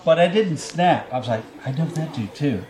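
A man's voice: on the high side, expressive, normal speed, a little mellow, a faint crowd. A man casually telling a long story on a podcast, rambling, swearing and laughing often.

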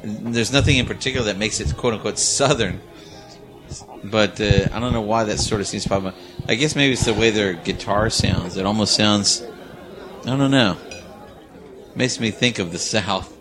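A man with a lowish voice, chatting casually about music with a friend. He muses aloud and cracks jokes as he goes. Faint music plays behind him. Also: moderate pace, a crowd in the background. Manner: musing, chatty, jokey. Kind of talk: casual chat.

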